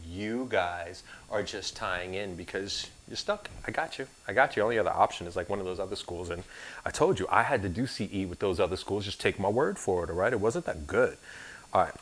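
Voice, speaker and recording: A man teaching an insurance course in a recorded class, with sarcastic, joking asides. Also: fairly low pitch.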